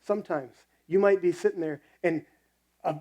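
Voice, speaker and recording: A man's voice: high voice, normal speed, warm tone, highs cut off. A man preaching a sermon as pastor, talking conversationally and telling stories with quoted voices.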